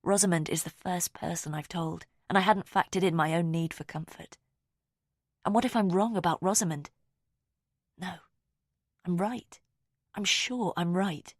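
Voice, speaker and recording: A woman narrating a first-person audiobook in a quiet, measured, intimate way. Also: on the low side, dry recording, studio quality.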